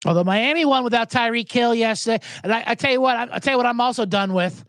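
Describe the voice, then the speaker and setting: A man hosting a casual sports podcast, talking in an animated, profane way and jumping between topics with loud mocking impressions. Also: very high-pitched, fast talker, no echo, clean studio sound. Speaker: podcast host.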